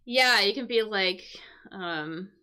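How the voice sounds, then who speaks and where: Woman, English teacher on a stream, slow deliberate delivery, bright tone. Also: medium pitch, clean tone. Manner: thinking aloud, explaining words slowly. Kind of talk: casual live-stream lesson.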